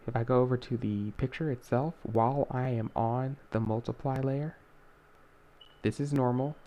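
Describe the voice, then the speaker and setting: A man's voice: medium pitch, mellow, dull audio, a little hiss or hum. A young man hosting a casual screen-recorded art tutorial, talking in a rambling way with many fillers and self-corrections.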